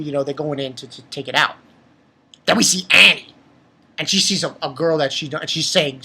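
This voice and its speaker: Husky low-voiced woman, wildly animated. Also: a little fast. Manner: animated, exclaims and swears. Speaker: anime reviewer. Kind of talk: excited episode review.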